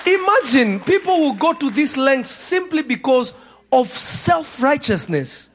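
Preacher, male, high voice, slow deliberate delivery, joking sermon style, congregation murmuring. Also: very animated, a faint crowd, slight background noise. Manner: humorous, laughing at his own stories, then building to shouts.

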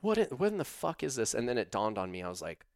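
A man telling a long story in casual conversation, animated and profane, with lots of "like". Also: medium pitch, fast talker, no room sound, clean studio sound. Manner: profane, animated, uses "like" a lot. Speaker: storyteller guest.

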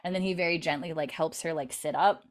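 A woman's voice: sits low, quick pace. A woman in casual chat, retelling a TV episode in detail, peppering her speech with "like" and casual swearing. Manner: chatty, heavy use of "like", swears casually. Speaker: podcast co-host recapping a TV episode.

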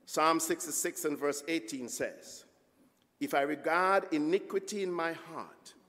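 A man with a high voice preaches to a congregation, building a story and pausing for replies. His voice rings with the long reverb of a church hall. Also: a bit bright. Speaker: guest preacher. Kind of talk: sermon.

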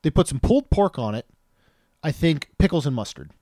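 A man's voice: on the high side, sing-song, fairly quick, warm tone, no echo, clean studio sound. A man in his thirties co-hosting a podcast, chatting casually and joking, rambling with frequent restarts. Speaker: podcast co-host.

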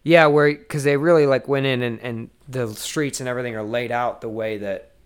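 A man talking casually about a film, relaxed and a little hesitant. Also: medium pitch, normal speed, smooth. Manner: relaxed, hesitant, restarts phrases.

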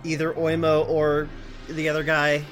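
A woman's voice: low-pitched, completely flat delivery, a little slow, faint music behind. A woman co-hosting a casual chat podcast, joking and acting out characters' lines. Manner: jokey, acts out characters' lines. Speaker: podcast co-host.

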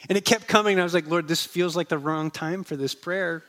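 A male pastor giving a sermon in a conversational storytelling way, dropping to a soft, slow voice on key words. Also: on the high side. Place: church.

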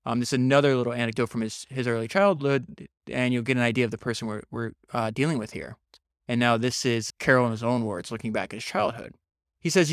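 A man's voice: mid-range voice, quick pace, no echo, studio quality. A man hosting a solo book podcast, speaking with enthusiasm and frequent restarts. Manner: enthusiastic, with many restarts and fillers. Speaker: podcast host.

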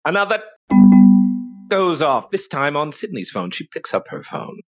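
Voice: medium pitch, sing-song, a little slow, loud music behind the voice. A game master wryly narrating the action of a tabletop role-play.

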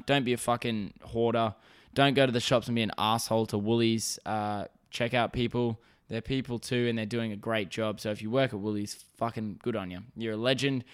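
A man's voice: mid-range voice, clean tone. An Australian man hosting a solo podcast, ranting and rambling with constant swearing. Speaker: podcast host.

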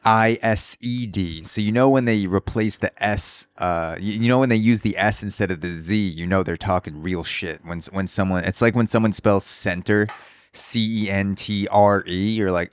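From his apartment in a city building, a man hosts a casual solo podcast, riffing loosely and profanely on news stories while construction drilling sounds outside. His voice is lowish and moderately paced, and the recording is dry.

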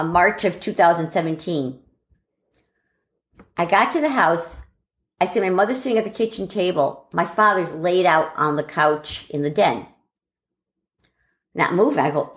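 A middle-aged woman with a lowish voice and a roomy sound casually tells a family story. She's animated, acting out the lines her relatives said.

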